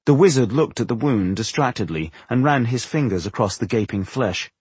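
A man narrating a fantasy novel as an audiobook, telling it in an expressive way. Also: mid-range voice, moderate pace, husky, dry recording. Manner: expressive storytelling.

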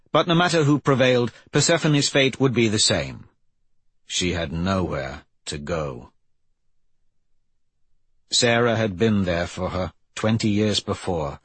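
Husky low-voiced guy reading an audiobook, dry close sound, steady pace. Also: dry recording. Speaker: audiobook narrator. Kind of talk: scripted narration.

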